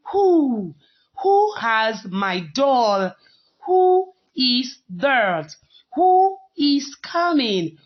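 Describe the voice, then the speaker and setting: A woman's voice: medium pitch, dull audio. A woman teaching a phonics lesson to young children, patient and repeating words for them to copy.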